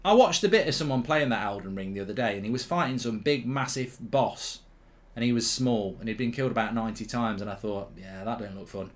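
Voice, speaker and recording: A man's voice: mid-range voice, expressive, brisk. A man hosting a live football watchalong, chatting casually, reading viewer comments aloud and often repeating himself.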